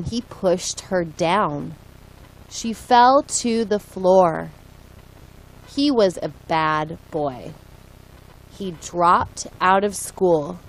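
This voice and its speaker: A woman reading short English sentences aloud slowly and deliberately, one at a time, for listening practice. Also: mid-range voice, low-quality recording. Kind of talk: slow read-aloud for learners.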